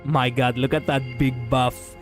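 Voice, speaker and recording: A man's voice: mid-range voice, fairly even intonation, unhurried, faint music behind. A man with a Greek accent on a gameplay livestream, reading the game's text aloud in a playful way and joking between lines. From Greece. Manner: playful, breaks into laughter and quips between read-out lines. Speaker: streamer.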